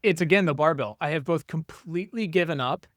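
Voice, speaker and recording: A man co-hosting a casual podcast, telling parenting stories in a blunt, profane, animated way. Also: a little high, a little fast, no echo.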